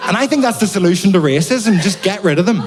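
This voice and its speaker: A man doing a stand-up set on a stage mic, dry and sardonic, with swearing. His voice sits fairly high for a man. Clear background noise runs under the live recording. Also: expressive, fast. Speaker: stand-up comedian. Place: comedy stage before an audience.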